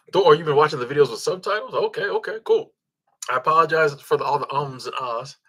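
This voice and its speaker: A man's voice: a little high, a little fast, pauses often, a bit bright, husky. A man, hosting a casual livestream, reading viewer comments and thanking supporters in a laid-back, chuckling way with lots of ums and restarts. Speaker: livestream host.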